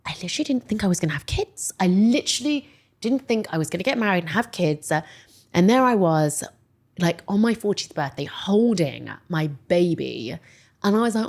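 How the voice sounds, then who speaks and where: A woman in her forties telling a personal story as a podcast guest, chatty and animated, filling her speech with "like" and jumping high when quoting people. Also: normal speed. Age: 40s. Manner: animated storyteller, many "like"s, voices quotes high. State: emotional, near tears. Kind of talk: casual interview chat.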